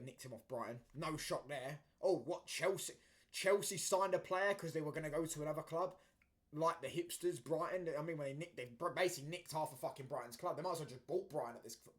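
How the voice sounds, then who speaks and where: A man, hosting a football talk show and ranting casually, with plenty of fillers, restarts and heated outbursts. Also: mid-range voice. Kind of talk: casual opinion rant.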